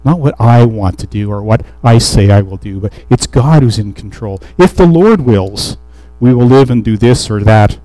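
A man's voice: fairly low pitch, normal speed, hardly any pauses, dark tone, no echo, low-quality recording. A man preaching a sermon, reading scripture aloud and explaining it in a conversational way with restarts and fillers.

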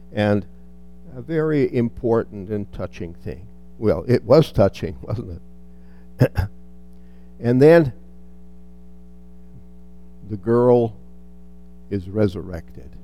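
A man's voice: mid-range voice, warm tone. A man reading a Bible passage aloud and then commenting on it in a reflective teaching style, with restarts and touches of dry humor.

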